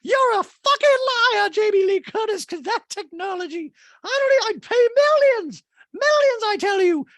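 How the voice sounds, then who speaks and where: A man putting on a mocking impression of a gushing, over-the-top rich woman in a shrill, breathless falsetto. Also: animated, normal speed, a bit bright, no room sound, heavily acted.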